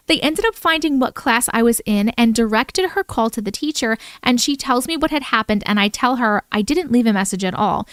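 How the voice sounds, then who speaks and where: A woman's voice: high voice, clean tone, no echo, clean studio sound. A woman hosting a casual livestream, chatting and reading viewers' stories aloud in a playful manner that keeps breaking into jokes.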